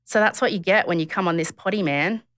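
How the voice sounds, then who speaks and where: A woman's voice: lowish voice, fast, a bit bright, no echo, studio quality. A woman hosting a podcast, telling a story in a chatty way, with many fillers and laughs. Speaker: podcast host. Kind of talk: casual chat.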